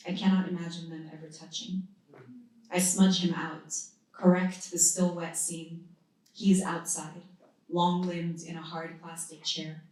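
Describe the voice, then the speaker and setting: A woman in her thirties from the United States, reading her own poetry at a live event with measured, deliberate phrasing and pauses between lines. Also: lowish voice, a little mellow. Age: 30s. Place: indoor literary event venue. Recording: very echoey room, voice from a distance.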